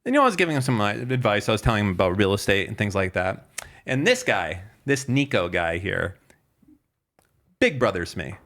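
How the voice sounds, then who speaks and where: A man's voice: lowish voice, big pitch swings, fairly quick, fairly bright tone. Man, podcast co-host, casual chat, rambling storyteller, lots of ums, swears freely. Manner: rambling storyteller, many fillers and profanity.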